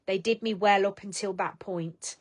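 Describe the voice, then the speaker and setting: A woman's voice: medium pitch, steady tone, normal speed. A middle-aged woman hosting a casual live stream, chatting bluntly, swearing freely and giving tough-love pep talks to viewers.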